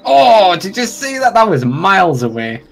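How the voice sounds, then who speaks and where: Gamer guy, gravelly, a bit high, light music under, chatty and laughing. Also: big pitch swings, normal speed. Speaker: gamer streaming with friends. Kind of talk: casual gaming chat.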